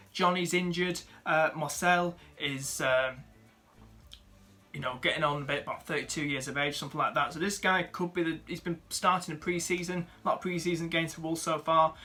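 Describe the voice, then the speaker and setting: A man's voice: on the high side, sharp tone. A young man, chatting casually as he rates viewers' fantasy football teams, with lots of fillers and friendly asides. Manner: chatty, upbeat, many fillers, calls viewers mate and dude.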